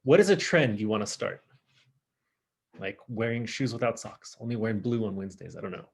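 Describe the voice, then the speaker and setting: A man teaching a casual online French class, chatty and upbeat, slowing down to model pronunciation. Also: fairly low pitch, animated, creaky, slightly rough. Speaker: high school French teacher.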